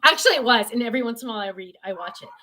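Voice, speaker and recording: A woman's voice: on the high side, animated, racing, sharp tone. An older woman hosting a casual livestream from home, reading viewer comments aloud and chatting in a rambling way with many fillers. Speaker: live-stream host.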